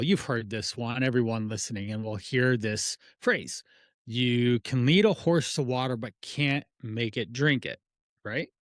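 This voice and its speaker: A man's voice: medium pitch, no echo, clean studio sound. A middle-aged man, a fitness and nutrition coach, talking casually on a podcast, rambling through analogies and rhetorical questions. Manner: rambling, restarts phrases, uses analogies and asks rhetorical questions.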